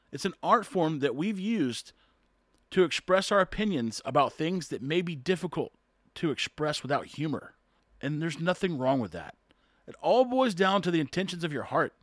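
Man, opinion monologue, rhetorical questions, lively intonation, dry sound. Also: on the high side, no echo.

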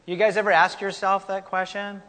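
A man with a high voice preaches in a relaxed, conversational way and drops in folksy asides to his congregation. His voice rings out with a long reverb, as if in a church hall. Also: a little fast. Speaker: pastor. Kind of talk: sermon.

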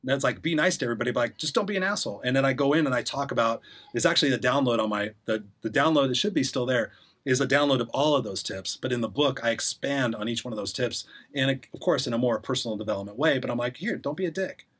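A man telling a rambling story on a podcast at a brisk clip, words tumbling out quickly. His humor is blunt and sarcastic, and he often restarts his sentences. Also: medium pitch, fairly bright tone. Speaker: podcast guest, life coach. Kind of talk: casual conversation.

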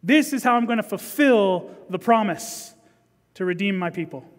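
A man preaching a sermon as pastor, swinging from loud emphasis to hushed scripture reading. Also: sits high, animated, moderate pace, long reverb tail.

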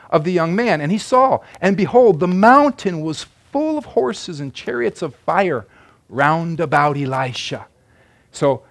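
High-voiced preacher with lilt. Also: male voice. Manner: emphatic preaching, swings between loud declarations and quiet asides. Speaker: pastor. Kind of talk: sermon.

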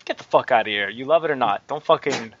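A man's voice: mid-range voice, quick pace. A man from Canada co-hosting a podcast, joking and swearing a lot, laughing often in casual chat. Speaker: podcast co-host. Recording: dull, dry close mic.

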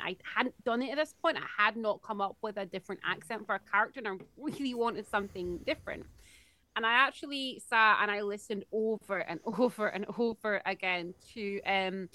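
A woman's voice: medium pitch, sharp tone. A woman co-hosting a podcast, eagerly explaining from her own experience in a casual chat. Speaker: podcast co-host.

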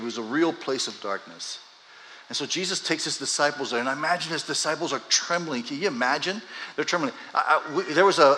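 A man preaching a conversational sermon as a pastor, moving from quiet storytelling to loud, emphatic peaks. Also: medium pitch. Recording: long hall reverb.

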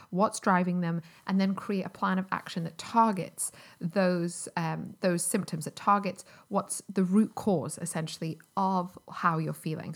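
A woman's voice: medium pitch, vocal fry. A woman, hosting a solo podcast as a health coach, talking in a chatty, upbeat way with many fillers. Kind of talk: casual solo podcast talk.

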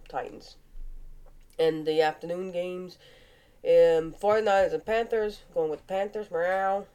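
A woman's voice: sits low, dark tone. A woman with a Cajun accent hosting a casual vlog, chatty and playful, her voice nasal and stuffed up from sinus congestion. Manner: chatty, playful, with animal noises. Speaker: vlog host. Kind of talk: casual football picks vlog.

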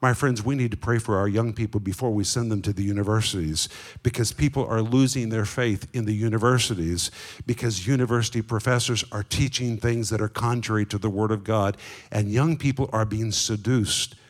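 A man teaching a sermon, explaining Greek words and slowing down to stress key phrases. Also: lowish voice, steady tone. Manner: explains Greek words and asks the audience questions. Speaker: Bible teacher.

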